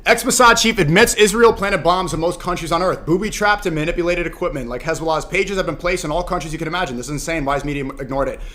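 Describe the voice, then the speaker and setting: A man's voice: on the high side, fast talker, hardly any pauses, fairly bright tone. A young man streaming, reacting to clips and chatting casually with his viewers in a rambling way. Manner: rambling, talks to chat.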